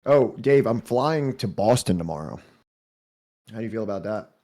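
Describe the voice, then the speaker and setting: A man's voice: fairly low pitch, lively intonation, normal speed, warm tone. A man from New Jersey hosting a podcast, chatting loosely and joking, with many fillers and restarts before discussing a book. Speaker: podcast host. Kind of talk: casual chat and book discussion.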